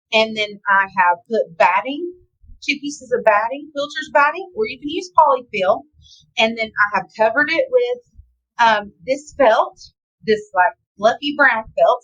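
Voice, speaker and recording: A woman's voice: fairly high pitch, fairly bright tone, low-quality recording. A woman with a Southern US accent, chatting casually and teasing herself while teaching a craft step by step. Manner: chatty, self-teasing, talks to viewers as "y'all". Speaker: craft instructor.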